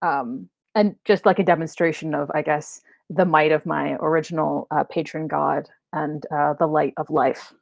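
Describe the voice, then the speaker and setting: A woman's voice: low-pitched, fairly even intonation, normal speed, creaky, few pauses, no room sound. Woman player rambling through her character's move. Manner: rambling, filler-heavy description of actions. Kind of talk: tabletop game play.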